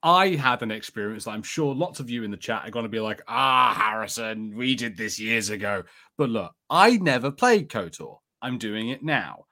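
A man's voice: fairly low pitch, lively intonation, normal speed, sharp tone. A man co-hosting a podcast, chatting easily about a TV episode and telling stories, laughing often. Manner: easygoing, laughs often, storytelling. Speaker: podcast co-host. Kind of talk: casual chat reviewing a TV episode.

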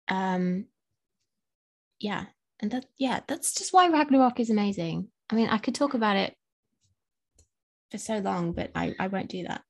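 A woman's voice: medium pitch, expressive, moderate pace, long pauses, darkish tone. A woman with an English accent co-hosting a podcast, chatting casually and rambling with many fillers and restarts. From England. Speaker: podcast co-host. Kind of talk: casual chat.

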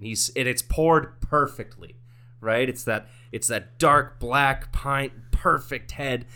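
A man co-hosting a podcast, casually telling a long shaggy-dog joke with a slow build and some swearing. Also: mid-range voice, bright, forceful tone. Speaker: podcast co-host.

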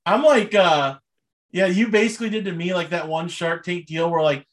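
A man's voice: a little high, normal speed. A young man co-hosting a casual podcast, chatting loosely about sports and movies and laughing often. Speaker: podcast co-host.

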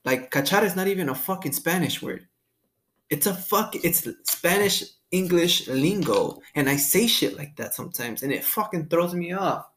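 A man's voice: high voice, animated, normal speed, fairly bright tone. A man in his twenties hosting a podcast in a casual, laid-back, profane way, saying "dude" a lot and laughing often. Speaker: podcast host. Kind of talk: casual chat.

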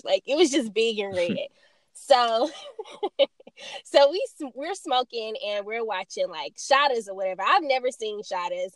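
A young woman co-hosting a casual podcast, her voice a touch high and recorded dry and close. She tells stories in an animated way, laughing often and swearing freely. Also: dry recording. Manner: animated, laughing, swearing, acts out quoted friends. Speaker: podcast co-host. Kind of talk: casual chat, storytelling.

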